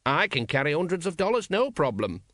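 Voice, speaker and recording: A man's voice: on the high side, very animated, brisk, a bit bright, dry recording, clean studio sound, voice pushed up. A male narrator voicing a boastful, balding townsman.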